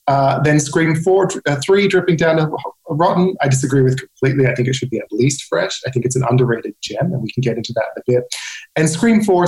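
A man's voice: medium pitch, a little mellow, roomy sound, rough recording. A man appearing as a podcast guest, sharing his opinions in a chatty way with frequent fillers. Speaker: guest film editor. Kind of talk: casual podcast chat.

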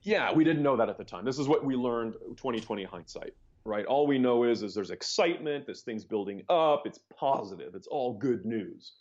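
A man telling his story as a podcast guest, rambling and animated, with many restarts. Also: mid-range voice, normal speed, hardly any pauses. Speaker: interview guest, startup founder. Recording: dull lo-fi podcast audio.

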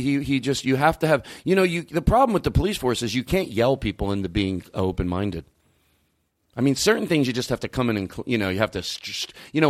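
A man hosting a podcast, ranting, swearing and jumping his pitch for emphasis. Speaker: podcast host. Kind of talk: heated podcast rant.

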